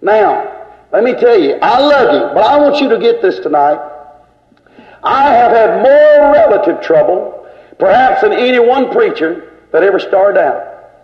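A man's voice: sits high, very animated, a little slow. An older man preaching an emphatic, scolding sermon in a church. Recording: echoey lo-fi church tape.

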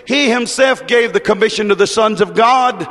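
Male preacher, fervent rhythmic sermon building to shouts, high-pitched, long hall reverb. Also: normal speed.

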